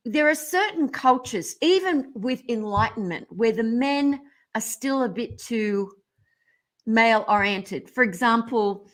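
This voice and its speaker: A middle-aged woman telling stories as a radio interview guest, animated and irreverent, often breaking into laughter. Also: fairly high pitch, measured pace.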